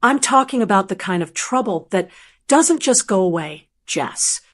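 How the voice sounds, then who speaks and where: A woman's voice: medium pitch, expressive, moderate pace, lightly acted. A woman voicing a scheming middle-aged man who bullies his sister, mocking and pushy. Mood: menacing.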